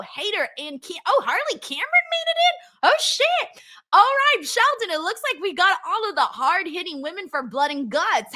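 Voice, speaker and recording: Bright-voiced woman host reading chat. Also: on the high side. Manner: chatty, reads viewer comments aloud, frequent ums. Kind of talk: casual live-stream chat.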